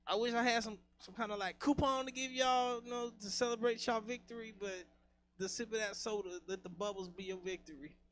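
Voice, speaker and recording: A man's voice: high voice, fairly even intonation, brisk, a bit bright, slight background noise. A man hosting a comedy show, hyping the crowd with repeated chants. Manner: hypes the crowd, repetitive chants. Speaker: show host. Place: comedy club stage.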